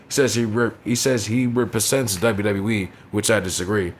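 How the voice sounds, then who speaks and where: A man's voice: fairly low pitch, fairly even intonation, moderate pace, a little hiss or hum. A young man giving a blunt, profanity-heavy recap of a wrestling show, often tossing in "you know what I'm saying". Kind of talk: casual profane recap commentary.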